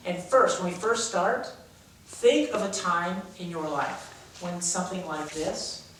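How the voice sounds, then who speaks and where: Leading young actors through exercises, a drama teacher speaks in a high-pitched, fairly bright voice over slight background noise, acting out emotions energetically. He sounds far away and echoey, picked up by a camera mic across a large room.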